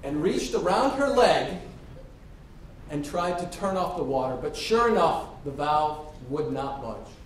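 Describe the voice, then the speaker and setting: A man giving a storytelling speech as a contestant at a public speaking competition, acting out the quoted dialogue. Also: unhurried. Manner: lively, acts out quoted dialogue. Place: hall. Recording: echoey hall from far off with faint rumble.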